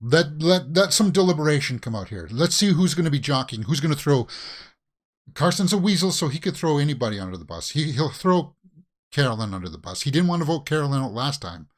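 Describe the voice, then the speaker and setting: In a high-ish, very animated voice that moves a little fast, the Canadian reaction host talks back at the screen during a casual watch-along, his asides pleading and exasperated.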